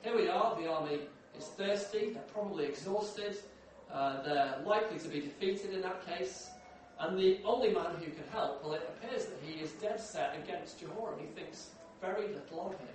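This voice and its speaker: High-voiced preacher in an echoey hall. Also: male voice, moderate pace, recorded from a distance, a little hiss or hum. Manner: conversational, asks the room questions. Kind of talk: sermon. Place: large echoey church hall.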